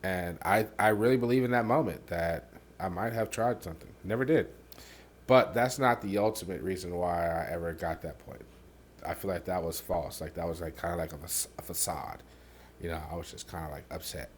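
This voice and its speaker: Deep-voiced man telling a hard story. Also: a little hiss or hum. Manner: halting, many fillers and restarts; softens and drops low on painful parts. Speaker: podcast host. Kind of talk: candid personal storytelling.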